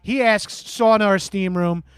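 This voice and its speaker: Guy doing a cocky long island bro radio host, high voice, swaggering and crude, dry sound. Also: unhurried, clean tone, no echo. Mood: boastful. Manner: boastful, crude, swaggering, lots of swearing and "bro". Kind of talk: improvised comedy call-in show.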